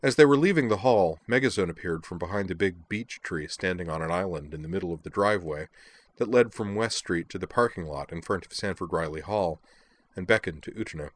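A man narrating a novel in a steady, even reading. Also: low voice, brisk. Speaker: audiobook narrator. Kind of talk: scripted narration.

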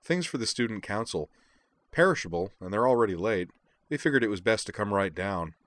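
A man voicing a quick-witted young woman who bluffs her way through questions, reading a story aloud. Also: on the low side, animated, a bit bright, no room sound. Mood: bluffing.

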